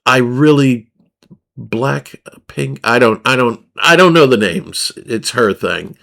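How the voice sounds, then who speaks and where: A man's voice: mid-range voice, slow, gravelly, pushed and bright. A man livestreaming in a crude, rambling, profane way, often laughing at himself. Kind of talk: crude casual stream chatter.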